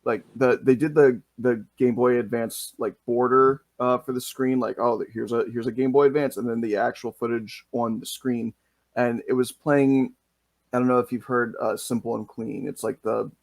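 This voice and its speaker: Podcast host guy, gravelly voice, gets excited telling stories, dry close sound. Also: mid-range voice, moderate pace, dry recording. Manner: enthusiastic, animated storytelling. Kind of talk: casual interview talk.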